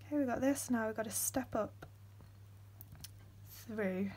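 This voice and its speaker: A young woman, hosting a step-by-step beading tutorial in a soft voice that often drops to a whisper, with frequent ums. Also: fairly high pitch, measured pace, slightly rough.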